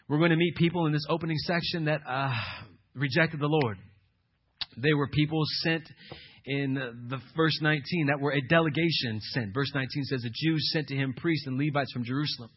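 Emphatic preacher man, muffled recording. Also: husky. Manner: emphatic, swings from loud declarations to low intense asides. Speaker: pastor. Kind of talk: sermon.

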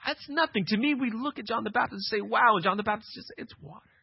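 A male pastor preaching an emphatic sermon, swinging from quiet passages to loud, insistent ones. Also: high voice, quick pace, creaky, slightly rough, no echo, highs cut off.

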